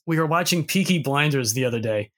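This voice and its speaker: A man's voice: a little high, animated, fast, fairly bright tone. A man from Boston with no local accent, co-hosting a podcast in casual, rambling chat with some swearing. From Boston, USA. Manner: rambling, profane, full of restarts. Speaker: podcast co-host.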